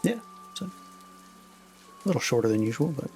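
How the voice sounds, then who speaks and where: A man narrating as dungeon master, relaxed and halting, with many fillers, over a voice call. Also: mid-range voice, faint music behind. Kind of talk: narrating a tabletop game.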